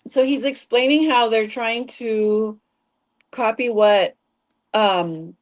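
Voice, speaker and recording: A woman's voice: on the high side, slow pace, no room sound. A woman hosting a panel discussion, talking conversationally with frequent hesitations. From United States. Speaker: panel host.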